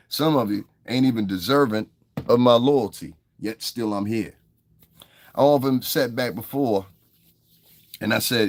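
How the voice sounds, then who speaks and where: Low-voiced man taunting his chat. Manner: confrontational, taunting, profane. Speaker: vlogger. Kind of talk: casual profane commentary to a live chat.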